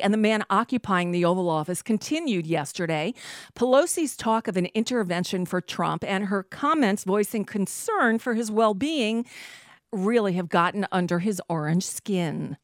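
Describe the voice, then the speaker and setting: A woman's voice: medium pitch, expressive, moderate pace. A woman hosts a political talk radio show, working through news items and breaking in with blunt, exasperated commentary. Her voice sits in an ordinary middle range. It comes through a studio microphone with a dry, close sound and no room echo. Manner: reads news items, then adds blunt exasperated asides.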